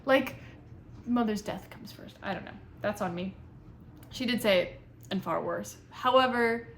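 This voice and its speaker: A young woman reviewing a book in a casual, chatty way, nitpicky and animated. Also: medium pitch, unhurried. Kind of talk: casual chat.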